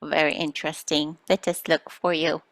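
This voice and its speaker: A woman's voice: deep voice, little pitch movement, moderate pace, a bit bright, dry recording. A woman channeling spirit guides for a group, speaking as "we" in a playful storytelling manner.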